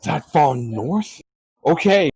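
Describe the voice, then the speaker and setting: A man voicing a brisk commanding ally. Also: fairly high pitch, lively intonation, a little mellow, slightly rough, dry recording, exaggerated voice, rough recording.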